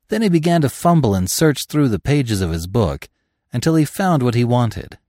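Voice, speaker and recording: A man narrating a classic story in a measured, expressive audiobook reading. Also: medium pitch, dry recording, studio quality.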